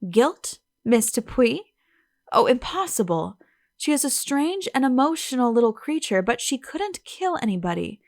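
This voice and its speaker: A woman's voice: high-pitched, sing-song, a little slow, no room sound, studio quality, full character voice. A woman reading as a flustered older lady.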